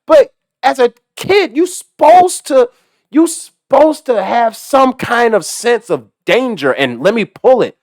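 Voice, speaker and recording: Foul-mouthed man ranting with lively swings. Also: very high voice, a little slow, no echo, clean studio sound. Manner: swears constantly, animated, laughs at his own story. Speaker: delivery driver. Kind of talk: profane storytelling rant.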